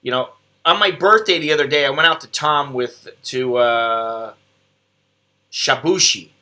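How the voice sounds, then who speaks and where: American man, middle-aged, casual live-stream host, rambling, self-deprecating, very bright voice. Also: a little high, expressive, fairly quick. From United States.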